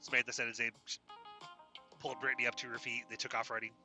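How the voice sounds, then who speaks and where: Bright-voiced man telling a story. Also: mid-range voice, little pitch movement, fast, faint music behind. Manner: casual, rambling, restarts often. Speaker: storyteller host. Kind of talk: improvised story narration.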